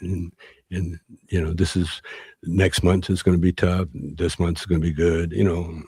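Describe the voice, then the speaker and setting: A man in an interview, telling a rambling story with many halting restarts and fillers. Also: low-pitched, level tone, mellow, slightly rough, no room sound. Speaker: interview guest.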